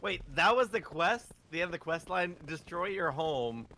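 A man's voice: on the high side, expressive, normal speed, vocal fry, bright, forceful tone. A man co-playing on a game stream in casual chat, swearing often and cracking dry jokes.

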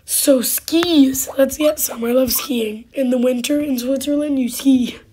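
A woman with a hoarse voice hosting casual gameplay commentary, halting and full of fillers, now and then dropping to a whisper. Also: high voice, mellow, slight background noise. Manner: halting, with many fillers and sudden drops to a whisper. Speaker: gaming channel host.

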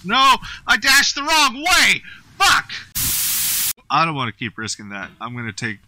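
Playful swearing gamer dude, bright voice, swings all over, game music faint behind. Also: male voice, sits high, measured pace, dry recording. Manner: playful, excitable, laughs and swears often. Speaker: gaming YouTuber. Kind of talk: casual gameplay commentary.

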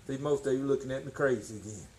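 A man preaching a sermon, folksy and emphatic, swinging from shouts to low tones. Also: fast talker, poor audio. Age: 60s.

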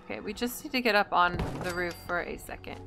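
A woman's voice: lowish voice, quick pace, creaky, pushed and bright, soft background music. A woman hosting a gameplay video, chatting and thinking aloud in an indecisive, casual way. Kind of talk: casual let's-play commentary.

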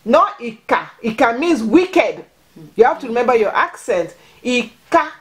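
A woman's somewhat high, sing-song voice, at normal speed, leads a home Yoruba lesson for children. As a vlogger, she's patient and encouraging, prompting each word and repeating it.

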